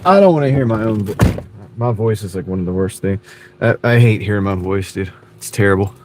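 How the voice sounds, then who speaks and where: A man with a Southern accent drives at night, rambling to his live-stream viewers in an easygoing, self-deprecating way; his voice is fairly low, brisk and a little mellow. He speaks into a wireless clip-on mic, so road and car noise come through clearly.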